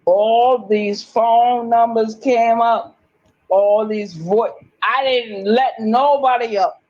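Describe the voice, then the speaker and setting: A woman's voice: on the high side, steady tone, slow pace, a little mellow, dull audio. A woman talking in an agitated, rambling monologue, emphatic and swearing often, repeating herself.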